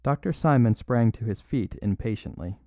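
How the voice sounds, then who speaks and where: A man reads a classic story aloud in a measured, steady manner. His voice sits in a middle pitch, and the recording is dull and dry. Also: dry recording. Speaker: audiobook narrator. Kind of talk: scripted narration.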